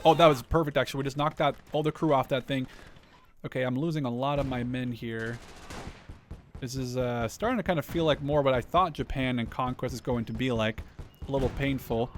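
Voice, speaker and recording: A man's voice: mid-range voice, a little hiss or hum. Man thinking aloud over strategy gameplay. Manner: chatty, thinks aloud, quick startled exclamations. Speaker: gaming YouTuber. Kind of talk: live gameplay commentary. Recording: game gunfire and clicks behind voice.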